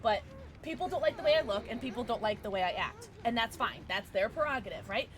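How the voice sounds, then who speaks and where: A woman streaming a game and chatting casually with her viewers, excitable and quick to thank them. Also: on the high side. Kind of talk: casual livestream chat while gaming.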